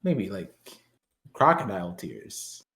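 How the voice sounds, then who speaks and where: A man's voice: low-pitched, sing-song, slow, a bit bright. Laughing man in a roomy podcast room. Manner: jokey, laughs often, crude banter. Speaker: podcast co-host. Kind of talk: casual chat. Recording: roomy echo.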